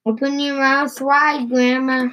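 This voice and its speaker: A woman voicing a polite, cheeky young boy in a storybook read slowly aloud. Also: high voice, level tone, a bit bright.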